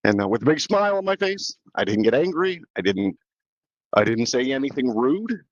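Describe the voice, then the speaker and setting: A male podcast host tells a story in a loose, rambling way and keeps restarting his sentences. His voice sits in a middle pitch range. The recording is dry and a little dull. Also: very animated, normal speed, dry recording. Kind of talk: casual chat, storytelling.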